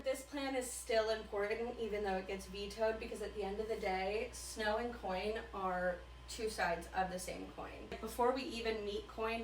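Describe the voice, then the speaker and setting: A woman with a fairly high voice rattles through a casual, profanity-laced book commentary, tossing in quick character quips. She sits some way from the mic in an echoey room with a faint hiss underneath. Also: a bit bright, distant mic.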